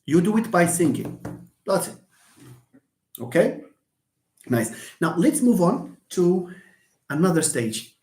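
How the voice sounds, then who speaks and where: A man's voice: high voice, very animated, slow pace, pauses often, darkish tone. A man teaching English in a live online lesson. He explains patiently, repeats examples and answers students by name. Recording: echoey room.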